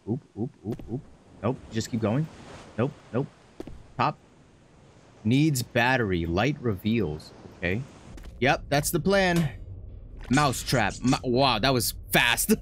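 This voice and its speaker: Excitable joking male game streamer. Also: mid-range voice, takes it slowly, long pauses, slight background noise. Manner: joking, excitable, laughs often. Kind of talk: horror game let's play commentary.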